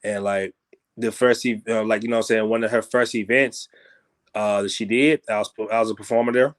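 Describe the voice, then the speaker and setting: A man appears as a guest musician in a casual interview, rambling loosely and dropping "you know what I'm saying" throughout. He talks briskly, becoming more animated and higher-pitched whenever he makes a point.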